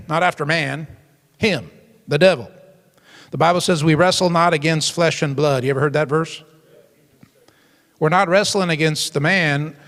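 Gravelly-voiced pastor preaching in a hall. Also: male voice, a little high, a bit bright. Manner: emphatic preaching with call-and-response asides. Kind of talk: sermon to a youth group. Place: church hall.

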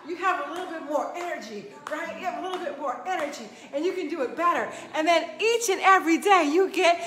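A woman fitness coach giving an energetic, emphatic motivational pep talk, laughing often and whooping. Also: very high voice, fast. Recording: roomy echo.

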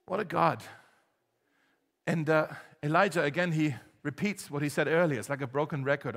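Earnest high-voiced male preacher. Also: normal speed, vocal fry, fairly bright tone, in a large hall. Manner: earnest, emphatic preaching with conversational fillers. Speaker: pastor. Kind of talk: sermon. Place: church hall.

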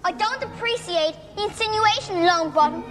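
A woman's voice: very high-pitched, moderate pace, a bit bright, slight background noise. A woman voicing a prim, haughty young witch who speaks in a very proper, affronted manner. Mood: indignant.

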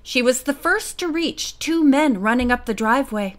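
A woman narrating a mystery audiobook with a lively, expressive reading. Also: sits high, moderate pace.

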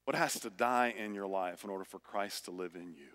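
A male pastor preaching a sermon, building to loud, emphatic refrains. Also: low-pitched, a little fast. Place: church sanctuary. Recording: reverberant church hall.

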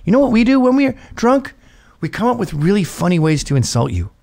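This is a brisk, gravelly, high voice belonging to a British man in his fifties who hosts a show. Animated and foul-mouthed, he spins a comedic story and performs each quote.

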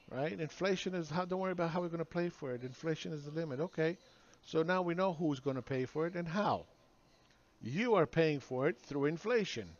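A man's voice: on the high side, a little mellow. Sarcastic ranting man, slightly muffled. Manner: sarcastic, ranting, mocking voices. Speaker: market commentator. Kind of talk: opinionated video monologue.

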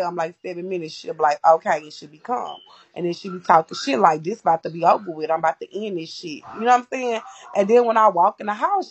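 Blunt, husky woman venting on a livestream. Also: lowish voice. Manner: blunt, profane, acts out quoted arguments. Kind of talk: casual livestream chat.

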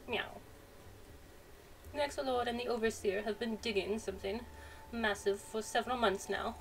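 A woman's voice: on the high side, steady tone, moderate pace, close to an everyday voice. A woman voicing a cagey male cat merchant who tacks "meow" onto his sentences. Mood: sly. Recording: distant mic, faint noise.

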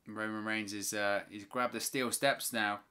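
A man with a bright, forward voice calls a wrestling match live for his viewers. He narrates each move and breaks into opinionated, exasperated rants about the referees. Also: on the low side, fairly even intonation, unhurried, smooth. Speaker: watch-along host.

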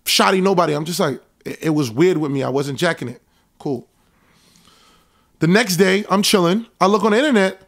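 A young man, casually recounting events in an animated storytelling monologue. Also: a little high, moderate pace, pauses often. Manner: animated, reenacts conversations in a raised voice. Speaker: show host recounting events.

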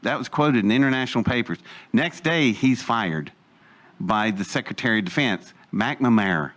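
An older man tells an audience a rambling, folksy story from his life, acting out the voices of the people he quotes. His medium-pitched voice is animated and a bit bright, at a normal speed.

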